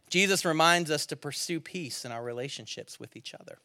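Bright-voiced man preaching a sermon. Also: a little high, fairly quick, hardly any pauses, dry recording, clean studio sound. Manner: storytelling, swings from loud exclamations to hushed near-whispers. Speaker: pastor. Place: church service.

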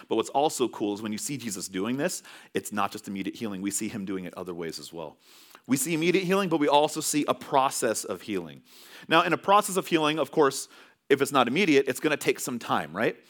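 A male pastor delivering a sermon in a relaxed, story-driven, conversational manner. His pitch moves a lot, climbing and dipping as he talks, in a middle register for a man. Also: a little fast. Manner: conversational storytelling with animated swings.

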